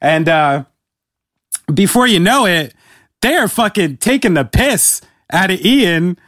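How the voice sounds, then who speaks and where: A man with a high voice hosts a casual interview, laid-back and swearing freely as he tells stories. The sound is dry and close, with no room echo. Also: very animated, slow, fairly bright tone. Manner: laid-back, profane storyteller. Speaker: interviewer host.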